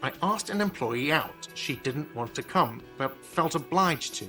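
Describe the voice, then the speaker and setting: A man's voice: fairly high pitch, lively intonation, measured pace, bright, forceful tone. An actor playing an irritable, whiny male diner manager who talks defensively. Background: game music.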